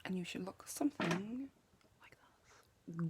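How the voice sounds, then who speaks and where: Woman, beauty vlogger, low voice with fry, chatty and self-joking, whispers mid-application. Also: lively intonation, unhurried, slight background noise. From Southeast Oklahoma, US. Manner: chatty and self-joking, drops to a whisper while applying products. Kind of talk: casual makeup tutorial chat. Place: home makeup table with window open.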